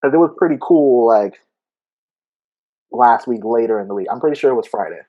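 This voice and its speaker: A man co-hosting a podcast, telling a story in casual chat, animated and laughing as he acts out what people said. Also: medium pitch, brisk, lo-fi sound. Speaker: podcast co-host.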